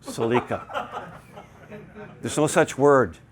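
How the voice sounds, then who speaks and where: Speaking slowly in a mid-range voice, a man delivers a technical presentation to a live conference audience, wandering off topic and joking as he goes. Crowd noise can be heard in the conference hall.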